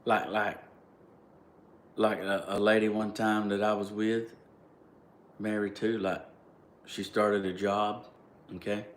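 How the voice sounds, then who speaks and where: A vlogger with a Southern American accent tells a rambling, casual story, leaning heavily on "like" and breaking into emphatic bursts. His voice sits on the low side with little pitch movement, and he speaks slowly with frequent pauses. The recording has a roomy echo and faint ambience.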